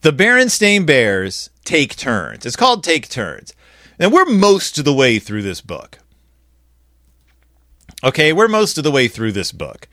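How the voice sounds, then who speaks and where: A man giving a comic, sarcastic review of a children's picture book, acting out quoted lines in flat voices. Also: mid-range voice, measured pace, no echo, studio quality.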